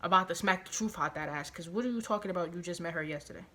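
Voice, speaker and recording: A woman vlogger telling a personal story, animated and profane, hammering her points home through repetition and outraged disbelief. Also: fairly low pitch, racing. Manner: animated, profane, emphatic retelling with heavy repetition; outraged, incredulous. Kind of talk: storytime vlog.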